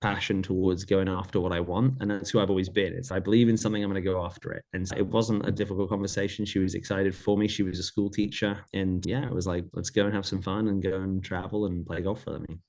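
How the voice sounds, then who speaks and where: A man's voice: low voice, level tone, quick pace, few pauses, a little mellow. A middle-aged man, a podcast guest, earnestly retelling a personal story in vivid detail, often repeating phrases.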